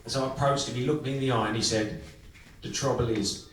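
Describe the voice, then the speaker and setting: Male comic, stage storytelling, crude and dry, mid-pitched, live club, echoey and distant. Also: steady tone, slight background noise. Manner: crude and swearing, dry and unhurried. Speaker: comedian and singer. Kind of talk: stand-up storytelling. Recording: echoey club room from far off with music.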